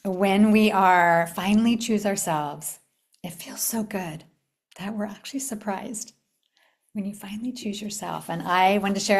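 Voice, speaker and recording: A middle-aged woman from the United States hosting a live spiritual retreat talk, telling a story with upbeat invitations and soft, hushed stretches. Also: on the low side. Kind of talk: live online talk to a group.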